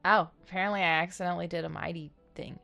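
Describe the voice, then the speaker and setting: Gravelly-voiced woman streaming a game. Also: lowish voice, steady tone, fast, pushed and bright, faint music behind. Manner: chatty, reacting on the fly. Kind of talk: casual game stream commentary.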